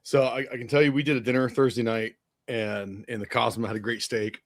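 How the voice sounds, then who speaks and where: A man's voice: mid-range voice, little pitch movement, a little fast, no echo. Blunt, laid-back man, dry sound. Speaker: podcast co-host. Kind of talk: casual chat.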